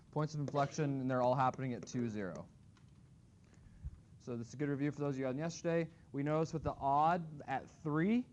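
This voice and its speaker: A man's voice: on the high side, darkish tone, dull audio, slight background noise. A man teaching a math class, talking casually and thinking aloud as he graphs. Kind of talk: classroom lecture.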